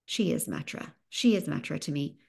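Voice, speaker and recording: A woman's voice: low voice, animated, moderate pace, vocal fry, a little mellow. Upbeat Southern woman giving a pep talk. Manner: upbeat, emphatic, pep-talk delivery with rising bursts. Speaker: podcast host. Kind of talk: motivational podcast monologue.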